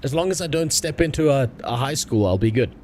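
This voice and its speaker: A man's voice: medium pitch, lively intonation, fairly quick, a little mellow, slight background noise. Profane joking streamer man. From South Africa. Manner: reads game dialogue aloud. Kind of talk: casual gaming stream commentary.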